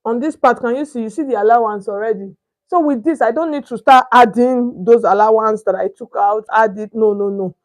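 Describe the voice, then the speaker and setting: Her voice is a little high and brisk. A young Nigerian sewing instructor, she chats her way through a step-by-step pattern-cutting demonstration, often asking "can you see?" and reaching for the right word.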